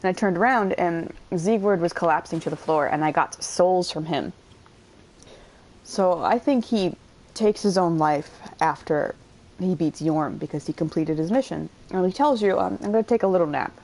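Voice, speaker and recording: Lowish woman musing over gameplay. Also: normal speed, darkish tone. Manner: thinking aloud, hesitant with fillers. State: eating while talking. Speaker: gameplay streamer. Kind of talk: casual gameplay commentary.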